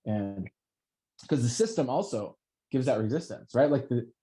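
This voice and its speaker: Mellow-voiced man, profane pep talk. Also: mid-range voice, moderate pace, rough recording. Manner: profane, animated, self-help pep talk. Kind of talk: casual motivational chat.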